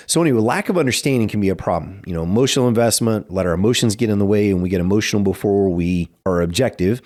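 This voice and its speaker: A man who runs a martial arts school, talking casually in a podcast interview and telling stories with plenty of "you know" fillers. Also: a little mellow. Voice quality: gravelly, creaky low voice.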